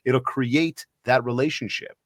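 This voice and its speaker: A man hosting a podcast, asking rambling questions and telling stories in a lively, animated way. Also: mid-range voice, unhurried, no echo, studio quality. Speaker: podcast host. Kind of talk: casual interview conversation.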